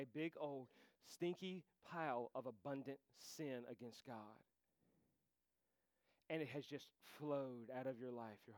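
A man's voice: medium pitch, dry recording. Man preaching with fervent intensity. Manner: impassioned preaching that swings from soft to shouting. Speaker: pastor. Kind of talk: sermon.

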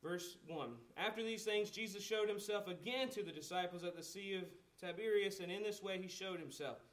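A high-voiced man preaches in a relaxed, conversational way. He asks the listeners questions and acts out the lines of the people in the story. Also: brisk. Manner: conversational preaching with rhetorical questions, acting out quotes. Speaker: pastor. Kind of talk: sermon.

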